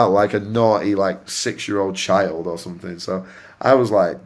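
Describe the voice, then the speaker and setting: A man from Oldham with a Greater Manchester accent, hosting a gaming channel and telling a story in a casual, animated way, swearing freely and laughing at himself. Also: lowish voice, fairly quick. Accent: Greater Manchester English. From Oldham, England.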